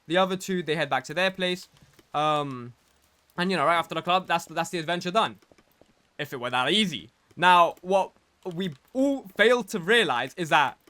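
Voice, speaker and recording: A man's voice: on the high side, pushed and bright. A young man from England casually telling a rambling story while he plays a game, full of fillers and restarts. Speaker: gaming streamer telling a story.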